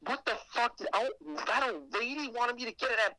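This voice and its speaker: Bright-voiced man telling a profane story. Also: very high voice, brisk, few pauses, no echo, rough recording. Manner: animated and heavily profane, with acted asides. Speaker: guest telling a ghost story. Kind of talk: casual storytelling on a podcast.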